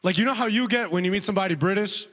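A man's voice: high-pitched, rapid-fire, background noise. A man performing a stand-up comedy routine, telling a story with lots of "right?" asides.

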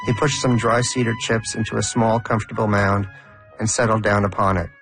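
A man's voice: on the low side, fairly even intonation, fairly quick. Man narrating a story over music.

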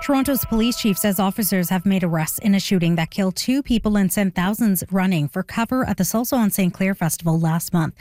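A woman newsreader delivering a news update in a crisp, even way. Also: mid-range voice, dry recording, studio quality. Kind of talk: news bulletin.

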